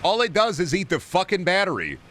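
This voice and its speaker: A man's voice: sits high, wildly swooping pitch, fairly quick, pushed and bright, a little hiss or hum. A man streaming a shooter game, talking to his chat in a profane, blunt and mocking way. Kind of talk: casual game commentary to chat.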